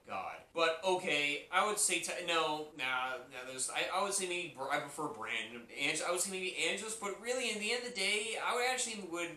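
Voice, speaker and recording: A man's voice: a little high, pushed and bright. Rambling exasperated man in echoey room. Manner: repetitive, exasperated, restarts often. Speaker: retro TV reviewer. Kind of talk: casual rambling review. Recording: echoey room, set back from the mic, faint hiss.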